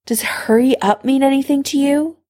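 A woman's voice: high voice, takes it slowly, vocal fry, darkish tone, voice pushed up, exaggerated voice. Severus, a woman voicing a needy, impatient man. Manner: pleading, demanding. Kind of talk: fan fiction reading.

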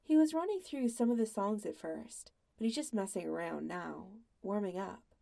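A woman reading a story aloud in a soft, quiet, intimate way. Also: medium pitch, lively intonation, normal speed, vocal fry. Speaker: podfic reader. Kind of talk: scripted narration of fan fiction.

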